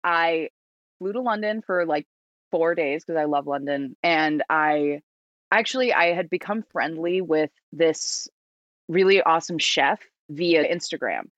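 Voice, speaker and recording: Speaking at a measured pace in a low voice, an American-accented woman from New York shares a casual story as a podcast guest, giggling and chatting as she goes. The sound is lo-fi but free of echo.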